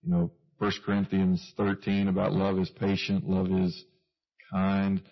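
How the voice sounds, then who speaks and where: A man's voice: low voice, monotone, a little slow, lo-fi sound. A man preaching a conversational sermon, chuckling at himself now and then. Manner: conversational, with self-deprecating asides and chuckles.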